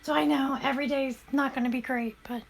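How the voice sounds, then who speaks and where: A woman streaming as she paints shoes, chatting casually and thanking viewers in a soft, often half-whispered voice. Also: high-pitched, fairly even intonation, brisk, gravelly, a little hiss or hum. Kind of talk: casual live-stream chat while painting.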